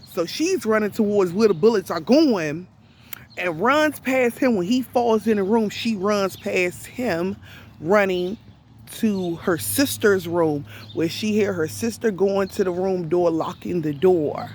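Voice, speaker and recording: Woman storyteller, plain casual delivery, deliberate and emphatic, unhurried pace. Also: mid-range voice, a little mellow, a little hiss or hum. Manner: deliberate, emphatic, with rhetorical questions. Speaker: storyteller recounting an event to viewers. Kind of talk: casual spoken retelling.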